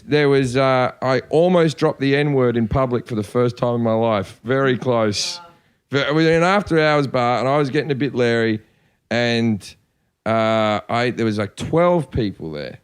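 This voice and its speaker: A man's voice: medium pitch, clear, resonant tone. A man hosting a podcast, telling crude drinking stories in casual chat, often acting out the people in them. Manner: swearing, animated anecdotes with put-on voices. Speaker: podcast host.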